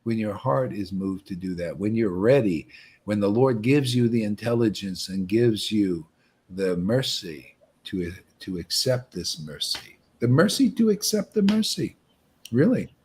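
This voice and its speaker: Husky, lively-voiced man giving a rambling, joking talk. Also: lowish voice, measured pace. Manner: loose, joking and rambling, with frequent "man" and "you know"; laughs often at his own jokes. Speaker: spiritual teacher leading a meditation session. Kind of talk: casual spiritual talk on a livestream.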